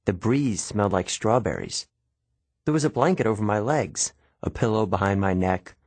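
Low husky male storyteller. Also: normal speed, darkish tone, no room sound. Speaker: audiobook narrator. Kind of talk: first-person scripted narration.

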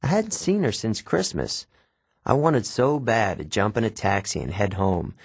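A man narrating a first-person novel with expressive, wry storytelling, recorded close on a studio mic. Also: lowish voice, normal speed, creaky, husky, dry recording. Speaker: audiobook narrator.

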